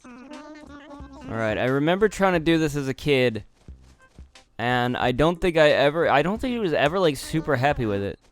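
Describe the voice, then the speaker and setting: A man giving casual, chatty commentary while playing a video game, laughing often and getting easily excited. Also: on the high side, brisk, faint music behind. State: out of breath.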